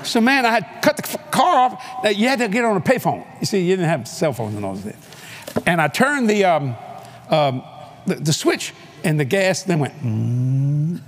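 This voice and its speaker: Older man, preacher, high voice, very animated pitch, faint hall ambience. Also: normal speed, slight background noise. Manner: acts out voices, hollers, laughs through his story. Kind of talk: animated storytelling sermon. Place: large convention hall.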